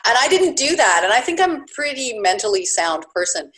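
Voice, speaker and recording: Guest: woman, 50s, chatty and animated, lots of "like" and "you know". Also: on the high side, a little fast. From Canada. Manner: chatty, animated, many fillers. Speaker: guest, bed and breakfast owner. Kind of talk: podcast interview.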